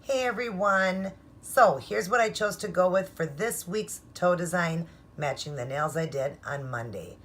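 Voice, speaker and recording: A woman's voice: lowish voice, a little slow, hardly any pauses, a bit bright. A woman hosting her own nail art video, walking through her supplies step by step in a chatty, upbeat way. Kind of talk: casual tutorial narration.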